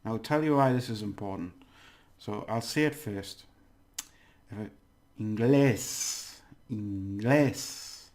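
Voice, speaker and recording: A man giving a casual video lesson as a language teacher, chatty, laughing often and repeating words slowly to model them. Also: fairly low pitch.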